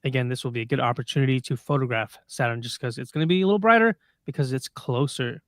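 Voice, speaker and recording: On a casual livestream podcast, a male co-host laughs often and reads through dates for coming sky events. He's a fast talker with a medium-pitched voice, captured in clean studio sound with no echo.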